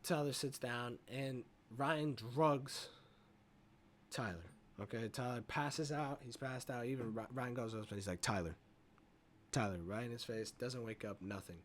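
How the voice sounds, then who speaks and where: A man's voice: mid-range voice, measured pace. A man casually retelling a movie plot in a rambling review, swearing freely and leaning on fillers. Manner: rambling, profane, full of fillers like "you know".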